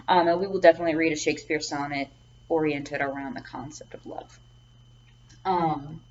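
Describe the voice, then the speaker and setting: A lower-voiced woman teaches a lecture and leans on ums and repeated words as she explains. The recording sounds dull and lo-fi, with a faint hiss of background noise behind her. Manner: repeats words, frequent ums, checks with "okay?". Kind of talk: classroom lecture.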